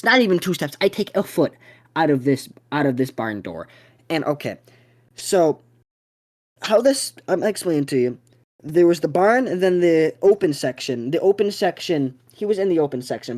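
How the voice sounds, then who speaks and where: A young man hosting a podcast, telling a story in a profane, excitable way. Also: on the high side, normal speed. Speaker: podcast host.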